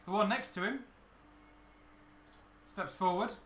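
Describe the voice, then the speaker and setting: A man running a tabletop game as dungeon master, narrating the fights in a steady, descriptive way. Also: high voice, takes it slowly, slight background noise. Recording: echoey room from a distance.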